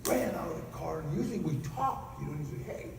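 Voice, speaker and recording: Man, conference speaker, animated storytelling, high lively voice, distant mic, echoey convention hall. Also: quick pace, creaky, background noise. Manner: animated, bursts of loud acted outbursts and laughter. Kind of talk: personal storytelling speech. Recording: echoey hall recording from far off.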